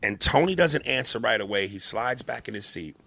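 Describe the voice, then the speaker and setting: A man co-hosting a casual podcast, swearing freely and acting out scenes. His voice is gravelly and bright, swinging widely in pitch. The sound is close and dry. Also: a little fast. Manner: animated, profane, acts out scenes. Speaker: podcast co-host. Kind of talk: casual chat.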